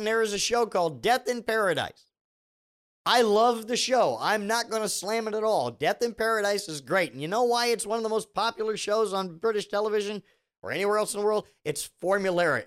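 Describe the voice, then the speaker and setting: Animated, high-voiced ranting man. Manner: animated, sarcastic, rambling with restarts. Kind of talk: comedic rant.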